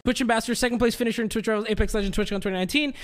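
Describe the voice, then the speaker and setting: A man's voice: sits high, steady tone, very fast, faint music behind. A male streamer in an angry, swearing reaction rant with exasperated outbursts.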